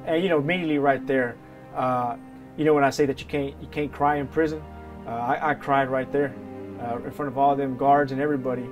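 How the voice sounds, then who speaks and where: Man, documentary interviewee, earnest, halting, mid-pitched voice, faint music underneath. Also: steady tone. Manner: earnest, hesitant, halting with many restarts. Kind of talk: personal storytelling.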